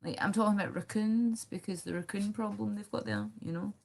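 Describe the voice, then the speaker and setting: A woman's voice: mid-range voice, fairly quick, gravelly, darkish tone. A Scottish woman rambling and swearing on a live stream, chatting directly to her viewers. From Scotland.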